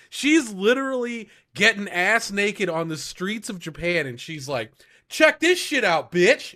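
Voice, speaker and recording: A young man on a casual anime podcast with a bright, sharp voice that sits a little high. He cuts in excitedly and swears freely as he reacts to the show. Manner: excitable, profane, jumps in with commentary. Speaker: podcast co-host. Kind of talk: casual banter.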